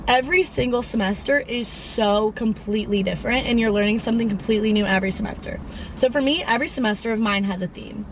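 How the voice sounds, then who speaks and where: A woman's voice: fairly high pitch, fast talker, a little hiss or hum, poor audio. A young woman of about twenty hosting her own podcast, in a casual, rambling chat full of tangents and fillers. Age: around 20. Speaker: podcast host.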